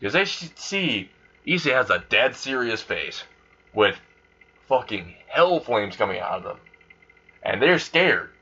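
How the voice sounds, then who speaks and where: Brief: male storyteller, loose crude rambling delivery, husky bright voice, muffled lo-fi audio. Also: mid-range voice, big pitch swings, unhurried. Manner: rambling and crude, full of fillers and swearing. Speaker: fan fiction storyteller. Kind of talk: casual improvised storytelling. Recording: dull lo-fi recording.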